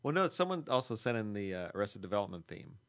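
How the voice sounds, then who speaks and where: Male co-host, jokey, animated delivery, bright tone. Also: on the low side, fast talker. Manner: playful, giggly. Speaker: podcast co-host and voice performer. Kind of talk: casual chat.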